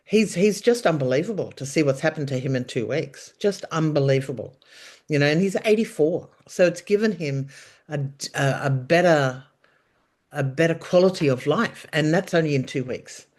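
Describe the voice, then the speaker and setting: A middle-aged Australian woman and nurse telling her story in a casual chat, animated and emphatic, rambling with frequent restarts. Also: deep voice, moderate pace. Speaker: guest, nurse.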